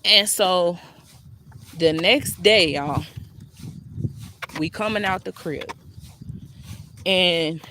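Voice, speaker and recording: A woman telling a personal story to her viewers in a casual, blunt and profane way, with lively swings in her voice. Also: on the low side, very slow, long pauses, background noise.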